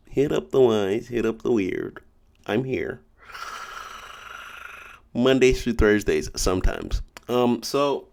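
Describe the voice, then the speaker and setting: A man's voice: mid-range voice, slow pace, creaky, pauses often, a little mellow. A man giving a casual tarot reading, joking around and stumbling as he reads passages aloud. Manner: rambling, joking, stumbles over read-aloud text. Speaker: tarot reader.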